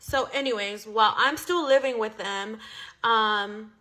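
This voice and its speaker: A young woman spills a personal story in a loose, casual monologue. Her voice sits a little high and comes across bright and sharp. She swears freely and fills her sentences with "like.". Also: a little slow. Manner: chatty, profane, heavy use of "like".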